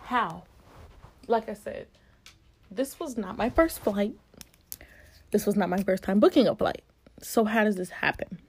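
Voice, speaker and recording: A woman in her early twenties from Virginia, vlogging a casual storytime with an animated, expressive delivery. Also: mid-range voice, measured pace, pauses often, husky, no echo. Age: early 20s.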